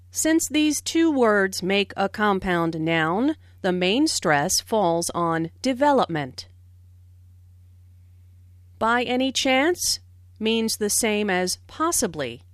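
A woman narrating a scripted language lesson, explaining pronunciation with careful, clear enunciation. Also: mid-range voice, no room sound, clean studio sound. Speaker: language teacher.

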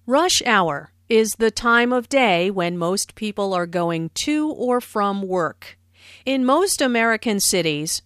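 A woman narrating a scripted language lesson, explaining phrases slowly and carefully with clear enunciation. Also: on the high side, a bit bright, no room sound, studio quality. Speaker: language teacher.

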